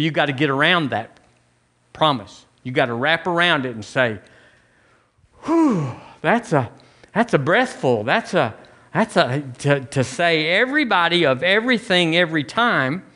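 Conversational preacher, slightly high voice. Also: male voice, bright, forceful tone. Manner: conversational preaching with repeated restarts. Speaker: pastor. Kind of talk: sermon.

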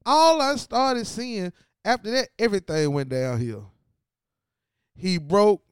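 A man's voice: sits high, slow, clear, resonant tone, dry recording, studio quality. A man hosting his own show, giving a loose, slangy recap of a TV finale and talking straight to viewers. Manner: loose, slangy and animated, talks to viewers directly. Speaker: show host. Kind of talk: casual TV recap commentary.

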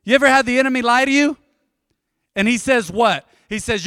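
A man in his forties preaching to a congregation, his voice high and bright as he tells stories and keeps asking the room to answer back. The sound is close and dry. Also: brisk, clean tone, no room sound. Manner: storytelling, calls out to the congregation. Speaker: pastor. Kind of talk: sermon.

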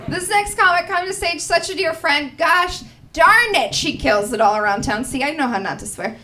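A woman's voice: sits high, big pitch swings, a little fast, hardly any pauses, roomy sound, a loud crowd, heavy background noise. A woman doing a brash, self-mocking stand-up set and hosting the show on a comedy bar stage. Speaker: stand-up comic and emcee.

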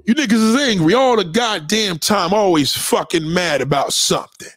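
A man's voice: sits high, animated, moderate pace, a bit bright, dry recording, soft background music. A man in a heated, profane livestream rant, lecturing his audience.

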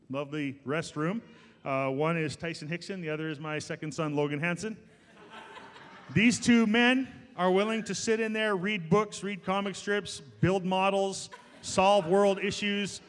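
A middle-aged man preaching a sermon as pastor, jokey and lively, talking straight to the congregation. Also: sits high. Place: church. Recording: long church hall reverb.

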